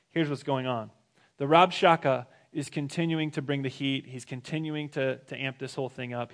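A man's voice: on the high side, fairly bright tone. A male pastor preaching a sermon, reading scripture aloud and then retelling it in casual everyday words.

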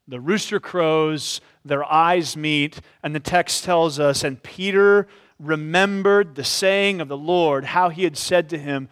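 A man preaching an expository sermon in a church. He talks reflectively and often softens his points with "sort of.". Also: fairly high pitch, a little slow, clean tone. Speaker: pastor.

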